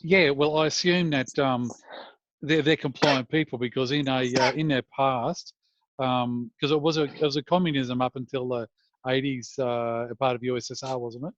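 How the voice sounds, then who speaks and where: An Australian man asking a question on a video call, halting and hesitant with many ums. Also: medium pitch, fairly even intonation, muffled recording. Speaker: meetup attendee asking a question.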